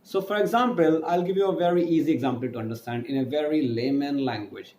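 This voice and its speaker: A man with an Indian English accent teaches a French class, with a voice a touch higher than most men's. He says key points twice and spells words out letter by letter. The room is echoey, with a faint hum behind him. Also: quick pace, darkish tone. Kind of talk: online language lesson.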